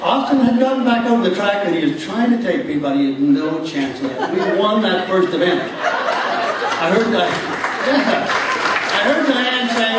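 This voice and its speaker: A man's voice: sits high, animated, normal speed, over a noisy crowd, heavy background noise. An older man, telling a rambling, humorous story as a speaker at a tribute dinner in a large hall. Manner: rambling storyteller with frequent uhs and restarts. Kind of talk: humorous anecdote speech. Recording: echoey hall, mic from a distance.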